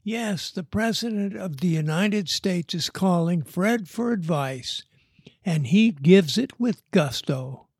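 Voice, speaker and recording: Husky-voiced man reading a story. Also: sits high, expressive, a little mellow, no room sound, clean studio sound. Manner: unhurried, measured storytelling. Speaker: narrator.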